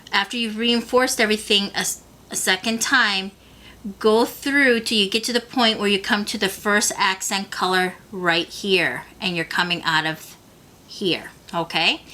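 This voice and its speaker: A woman's voice: mid-range voice, sharp tone. A woman teaching a beading tutorial, patiently talking the viewer through each step. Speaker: beading instructor.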